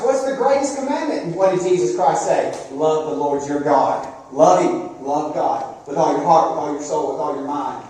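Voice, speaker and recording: A man delivers a sermon with a mellow, warm tone, often turning to the congregation with questions. His voice carries through a very echoey church sanctuary, and the mic picks him up from some distance away. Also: sits high, a little hiss or hum. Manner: conversational, asks the congregation questions. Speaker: preacher.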